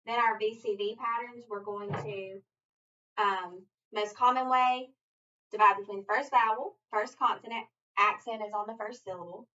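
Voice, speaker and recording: A woman tutoring reading, walking a student through phonics coding rules at a slow, deliberate pace. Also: medium pitch, steady tone, sharp tone, distant mic. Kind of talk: structured phonics lesson. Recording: muffled audio from away from the mic.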